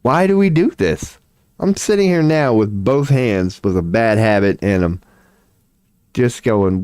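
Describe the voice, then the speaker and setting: A man in his forties talks loosely on a livestream, swearing freely and laughing as he rambles. His voice sits on the low side. The sound is dry, with no room echo. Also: animated, measured pace, darkish tone, clear, resonant tone. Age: 40s. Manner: rambling, profane, laughs often. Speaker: streamer. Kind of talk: casual livestream chat.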